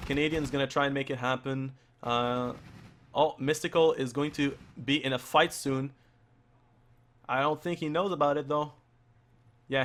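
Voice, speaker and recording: A man casting a live esports match, hoarse from losing his voice and talking in halting bursts full of restarts and fillers. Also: medium pitch, fairly bright tone, slight background noise. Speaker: esports caster. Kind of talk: live play-by-play commentary.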